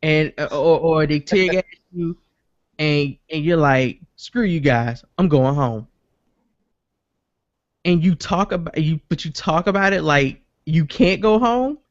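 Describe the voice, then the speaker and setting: Animated guy telling a story, kinda high voice, dry dull lo-fi sound. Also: unhurried, dry recording. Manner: animated storytelling, acts out quotes, swears freely. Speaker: podcast host. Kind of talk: casual chat.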